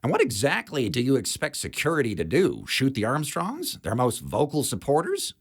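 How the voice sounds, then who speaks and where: A man's voice: mid-range voice, huge pitch swings, moderate pace, breathy edge, pitched above the performer's own voice. A man voicing a blunt, jaded female security chief who smokes and talks in a dry, sardonic way.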